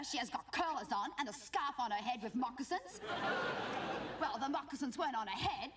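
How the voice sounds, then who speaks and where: A woman's voice: high voice, very noisy. A woman playing a cheeky, gossipy teenage schoolgirl with an Australian accent and a whiny, nasal way of talking, in a live sketch comedy monologue. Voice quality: whiny and nasal, with lots of "like" and "guess what". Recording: distant stage mic, loud audience laughter. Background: live audience laughing.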